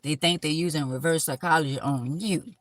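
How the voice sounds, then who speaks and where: A woman's voice: sits low, fairly quick, dry recording. A woman hosting a live stream, giving blunt, emphatic life advice in a casual, preachy way.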